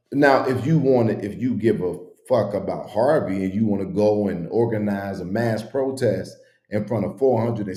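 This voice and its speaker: A man speaks in an unhurried, lowish voice, delivering blunt and sarcastic commentary. His tone is mellow, and the recording carries a noticeable room echo.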